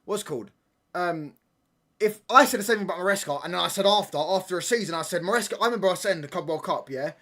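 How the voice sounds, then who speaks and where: A man's voice: sits high, fast, pushed and bright. Rambling man bantering with chat. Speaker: livestream watchalong host. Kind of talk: casual chat with a live stream chat.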